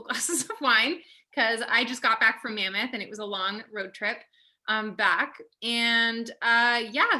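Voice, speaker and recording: Young woman, casual host, bright voice, chatty, video call. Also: fairly high pitch. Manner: chatty, upbeat, lots of fillers. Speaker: host of online wine tasting. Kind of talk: casual hosting.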